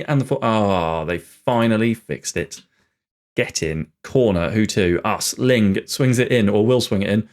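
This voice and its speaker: A young man thinking aloud and commentating live on his own game, chatty and bursting into excitement at goals. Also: lowish voice, normal speed. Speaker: gaming channel host.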